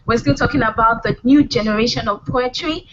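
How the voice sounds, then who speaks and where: A woman's voice: fairly high pitch, a little fast. A woman hosting a live poetry event, speaking playfully to the audience. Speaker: event host. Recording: muffled live recording with background noise.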